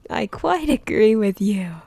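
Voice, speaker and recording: A woman voicing a pompous, moralizing old Duchess in a whispered role-play, lecturing in a slow, drawn-out way. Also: mid-range voice, lively intonation, vocal fry, mellow, no echo, heavily acted.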